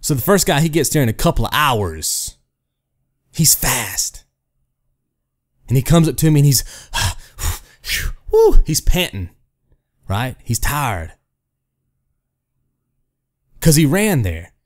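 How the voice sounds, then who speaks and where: This gaming host's voice sits at medium pitch, and he talks slowly with frequent pauses. Ranting casually at the camera, he tells animated hypothetical stories and keeps tossing out a rhetorical "right?"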